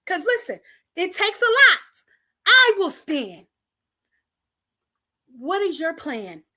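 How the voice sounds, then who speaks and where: With a high, bright, and sharp voice, the host of a Paterson, New Jersey, community talk show delivers a passionate, preacher-like address. She rallies the audience through call-and-response and talks right to viewers, repeating lines for emphasis.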